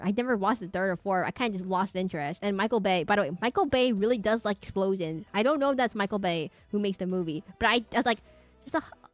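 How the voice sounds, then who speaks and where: A woman streamer chatting casually and rambling from topic to topic at her home setup. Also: mid-range voice.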